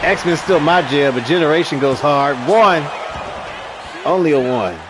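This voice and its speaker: Chatting with viewers and singing along, a thirty-something man gives jokey, foul-mouthed casual commentary on a wrestling stream. His voice is a little high and unhurried, with noise in the background.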